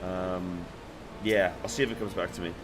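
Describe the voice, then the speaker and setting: Male game streamer, laid-back, jokey, slightly low voice, faint music behind. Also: fairly even intonation, moderate pace. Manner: laid-back, joking, chatty. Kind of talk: casual game-stream chat.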